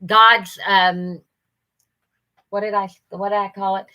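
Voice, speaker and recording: A woman's voice: mid-range voice, flat delivery, slow, pushed and bright, low-quality recording. A woman, hosting a livestream and chatting folksily with viewers by name. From Ohio, USA. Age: 60s. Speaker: livestream host. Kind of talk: casual chat reading viewer comments.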